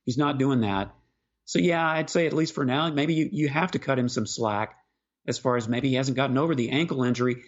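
A man co-hosting a sports podcast, talking basketball in a casual, halting way and often repeating words as he starts a sentence. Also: medium pitch, highs cut off.

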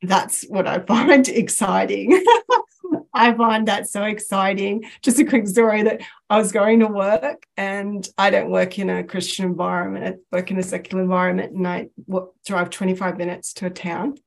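A woman guest sharing a personal faith story in casual chat, animated and laughing often, acting out the voices she quotes. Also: mid-range voice, normal speed, creaky.

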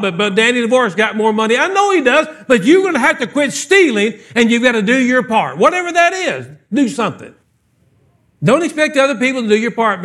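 Brief: male pastor, high-pitched, playful live sermon in a church, punchy questions. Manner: animated, joking, fires off rhetorical questions. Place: church sanctuary, live service.

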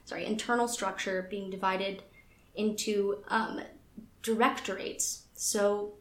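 A woman's voice: medium pitch, steady tone, slow pace, reverberant. A woman co-hosting a podcast, chatting casually with lots of fillers and reading passages aloud from a website. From United States. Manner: chatty, filler-heavy, self-deprecating. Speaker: podcast co-host.

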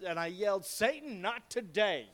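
A woman's voice: medium pitch, a little fast, slight background noise, pitched above the performer's own voice, lightly acted. A man voicing a plain-spoken woman churchgoer with a Louisiana accent, speaking emphatically. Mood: emphatic. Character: woman churchgoer retelling a shower fall.

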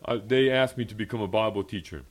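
A man's voice: lowish voice, fast talker. A young adult male pastor preaching a personal testimony sermon at a fellowship meeting, earnest and emphatic, repeating key phrases and laughing often.

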